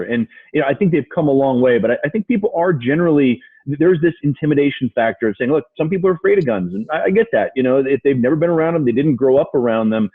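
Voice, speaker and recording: A man's voice: medium pitch, husky. A male host asking questions in a casual, easygoing and agreeable manner. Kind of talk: casual interview chat. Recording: thin phone-like remote call line.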